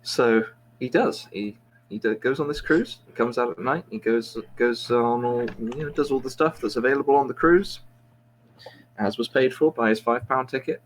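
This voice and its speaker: A man's voice: mid-range voice, moderate pace, poor audio. Rambling man telling a long joke. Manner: meandering, self-interrupting, chuckles at own joke. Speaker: quiz show host.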